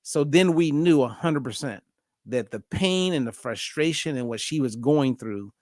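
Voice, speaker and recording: A man hosting a casual podcast conversation as a diet coach, telling a story with lively acted-out dialogue. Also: medium pitch, normal speed, no room sound, clean studio sound. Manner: animated storyteller acting out both sides of a phone call.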